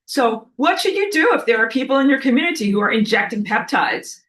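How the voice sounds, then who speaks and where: A woman's voice: sits high, sing-song, fairly quick, a bit bright, low-quality recording. A woman giving a preachy spiritual lecture to a class, in an emphatic, scolding manner that sometimes turns to swearing. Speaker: spiritual teacher.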